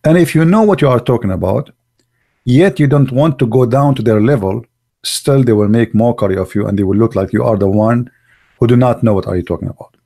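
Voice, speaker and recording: A man delivers a blunt online monologue. His voice is gravelly and dark, with a mellow tone. He speaks in broken, English and presses his points with rhetorical questions. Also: mid-range voice, a little fast. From Arab world. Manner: broken, non-native grammar. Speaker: online show host. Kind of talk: opinionated livestream monologue.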